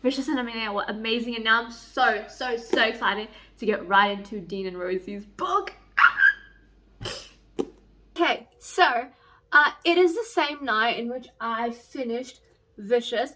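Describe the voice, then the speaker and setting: A young woman chatting excitedly in a book vlog, gushing, giddy and swearing freely. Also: fairly high pitch, measured pace, slight background noise. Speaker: book vlogger. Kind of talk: excited reading vlog chat.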